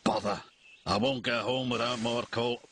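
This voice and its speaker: A man's voice: medium pitch, steady tone, normal speed, a bit bright, slight background noise, lightly acted. A man voicing a grumpy, proud male steam engine in a storybook, talking crossly and dismissively.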